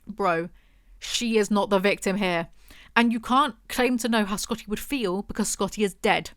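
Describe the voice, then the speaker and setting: A woman's voice: mid-range voice, normal speed, fairly bright tone, no echo, studio quality. A young woman reviewing a book with snarky, exasperated, mocking commentary.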